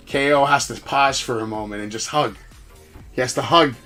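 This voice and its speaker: A man hosting a wrestling podcast, recapping matches in casual, excitable talk full of swearing and acted-out quotes. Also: on the high side. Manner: profane, excitable, acts out quotes.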